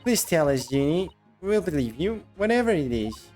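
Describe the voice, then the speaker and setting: Guy reading a polite young lawyer, gentle and pleading, lively pitch. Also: moderate pace, faint music behind. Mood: earnest.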